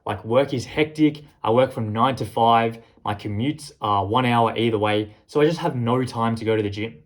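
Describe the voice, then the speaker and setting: A man's voice: mid-range voice, moderate pace, close to an everyday voice. A man doing a whiny excuse-making young guy. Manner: whining, self-pitying.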